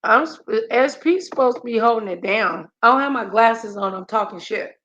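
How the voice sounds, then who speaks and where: A woman hosting a casual chat, hoarse today, joking loudly and laughing often. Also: on the high side, expressive, moderate pace, dull audio. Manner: loud playful banter, laughs often. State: raspy right now. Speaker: host.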